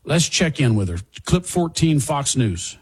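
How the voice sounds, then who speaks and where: A man's voice: a little high, sing-song, unhurried, husky. A man hosting a talk show, giving sarcastic, emphatic political commentary between clips. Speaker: talk radio host.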